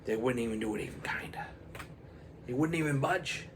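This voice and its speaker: A man's voice: mid-range voice, fairly quick, background noise. A man telling a rambling comic story, full of sound effects and put-on voices. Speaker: comedic storyteller.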